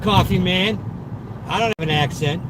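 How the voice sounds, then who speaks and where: A man's voice: sits high, moderate pace. A man with a Boston accent, a delivery driver chatting live with viewers from inside his car. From Massachusetts. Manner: chatty, talks to viewers in chat, upbeat and boastful. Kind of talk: casual live-stream chat while driving. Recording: noisy car interior. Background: car and road noise.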